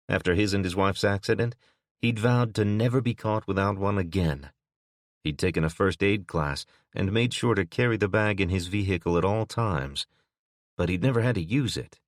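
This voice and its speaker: A man narrating an audiobook in a steady, even manner. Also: deep voice, moderate pace, dry recording, clean studio sound. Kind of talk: scripted narration.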